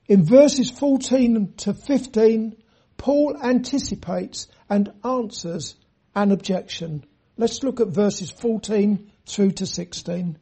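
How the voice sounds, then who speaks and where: A preacher giving an earnest sermon, reading scripture in a measured way and speaking straight to the listeners. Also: mid-range voice, warm tone, slightly rough. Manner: addresses listeners directly.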